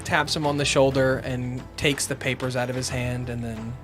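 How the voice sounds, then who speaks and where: A man's voice: medium pitch, level tone, moderate pace, fairly bright tone, soft background music. A man running a tabletop game as game master, narrating casually with lots of ums and restarts. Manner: casual, rambling, many fillers.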